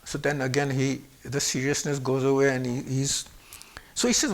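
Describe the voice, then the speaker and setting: A man in his seventies from Pakistan, telling personal stories in an animated way and shifting his voice to act out what others said. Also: medium pitch, moderate pace. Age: 70s. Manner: animated, acts out quoted speech with shifts in voice. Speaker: guest speaker. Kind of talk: personal storytelling.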